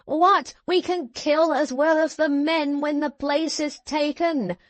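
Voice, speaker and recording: Woman doing a grim cold revolutionary wife, calm, high, slow. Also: no echo. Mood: fierce.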